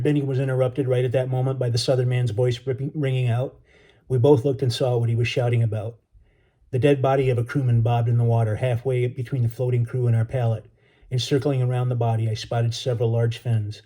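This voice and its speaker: A man, an author and educator, reading a chapter of his novel aloud in a relaxed, casual way. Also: mid-range voice, brisk.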